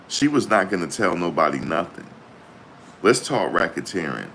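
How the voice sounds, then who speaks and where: Very deep-voiced excitable male commentator. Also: normal speed, a little hiss or hum. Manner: excitable, slangy, exclaiming and repeating himself. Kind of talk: trial reaction commentary.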